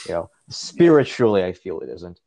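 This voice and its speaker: A man's voice: low-pitched, sing-song, normal speed, gravelly, warm tone. A man co-hosting a casual podcast chat, trading dry, sarcastic jokes about ads. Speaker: podcast co-host.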